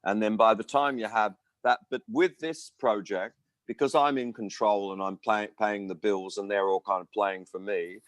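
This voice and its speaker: An Australian musician in his sixties talks casually as a guest in an interview, his lowish voice at a moderate pace with no room sound. He rambles through stories and acts out the voices of the people he quotes.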